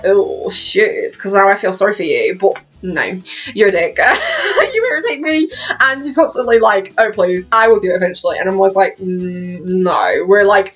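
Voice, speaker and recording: Young British woman vlogger with a British accent, chatty, laughs a lot, swears casually; mid-pitched voice, soft music under it. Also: breathy edge. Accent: British English. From Britain. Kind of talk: casual chat about a TV show.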